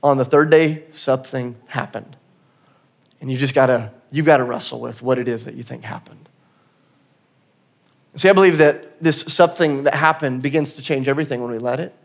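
A man's voice: medium pitch, moderate pace. A man giving a church sermon in a conversational, earnest way, sometimes laughing at himself. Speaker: pastor. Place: church auditorium.

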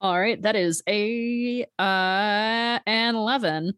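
A woman's voice: mid-range voice, takes it slowly, fairly bright tone, dry recording, studio quality. A woman playing in a tabletop role-playing game, casual and practical in her remarks. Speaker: player.

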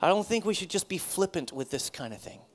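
A man, a pastor, preaching a sermon in a conversational, animated way, often repeating himself. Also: high-pitched, quick pace.

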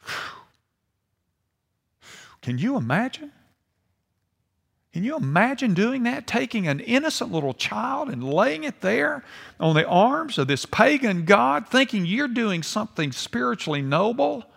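Impassioned older preacher in a hall. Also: male voice, very high voice, very animated, unhurried, vocal fry, pauses often. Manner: impassioned, swings between hushed and emphatic. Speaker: pastor. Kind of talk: sermon. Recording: long hall reverb.

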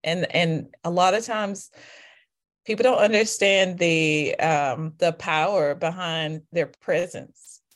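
Soft-spoken woman, lowish voice. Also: slow pace. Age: adult with children. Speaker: guest, author. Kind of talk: reflective faith conversation.

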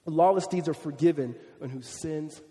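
A man preaching in a church hall, his fairly high voice carrying a long reverb. He tells the story like a storyteller, voicing the people in it. He falls quiet for the hushed lines and presses the key points hard. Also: moderate pace. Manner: storytelling preacher acting out quoted voices, swinging from hushed to emphatic. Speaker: pastor. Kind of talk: sermon.

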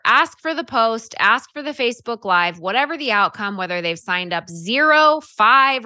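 A woman coaching direct sellers in a chatty, animated way, acting out example scripts as she goes. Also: medium pitch, dry recording, clean studio sound. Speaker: sales coach. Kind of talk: coaching talk on social selling.

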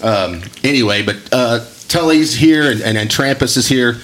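A man's voice: mid-range voice, normal speed, fairly bright tone. A man with a West Texas accent hosting a casual podcast, rambling and friendly, with lots of fillers. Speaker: podcast host.

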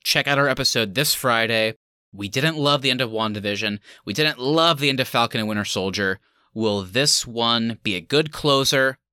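A man's voice: mid-range voice, moderate pace, pushed and bright, clean tone, dry recording. Man, podcast co-host, sarcastic joking delivery, casual chat, dry close sound. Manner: sarcastic mock award speeches, laughing often. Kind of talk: casual movie review chat.

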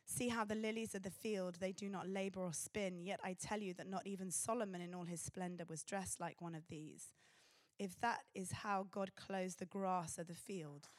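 A woman preaching a sermon in an earnest, pausing way. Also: on the low side, steady tone, no echo, studio quality.

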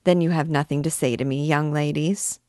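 A woman voicing a tall, calm young man, a poor scholar who speaks politely and eagerly. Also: sits low, normal speed, no echo, clean studio sound, lightly acted.

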